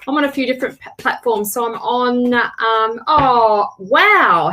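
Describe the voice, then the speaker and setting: A woman's voice: a little high, animated, unhurried, hardly any pauses. Chatty woman greeting livestream viewers. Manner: chatty, warm greetings, frequent restarts and laughs. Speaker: tarot reader hosting a livestream.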